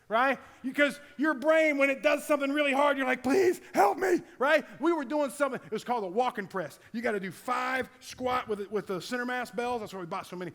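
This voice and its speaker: A middle-aged man, a football strength coach, giving an energetic conference talk, acting out his players' voices and bursting into shouts. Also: very high-pitched. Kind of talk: conference presentation. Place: large conference hall. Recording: long hall reverb.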